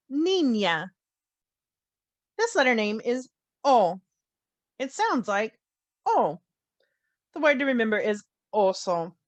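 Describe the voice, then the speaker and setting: A woman teaching a phonics lesson, slowly sounding out letters and repeating each word with care. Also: fairly high pitch, no room sound. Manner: slow, carefully sounds out letters and words. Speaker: language teacher. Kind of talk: slow children's phonics lesson.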